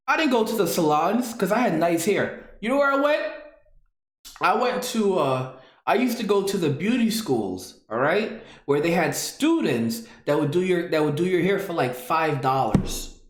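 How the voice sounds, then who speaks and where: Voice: medium pitch, reverberant. A host reading out viewer comments in a casual commentary, who keeps breaking into laughter and sounds tired, the voice worn from laughing.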